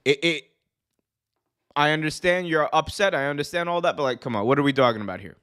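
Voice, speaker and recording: Fast and on the high side with a clean tone, this young man's voice carries an animated opinion rant on his wrestling show. Talking to live viewers, he keeps repeating himself, restarting sentences, and dropping in fillers.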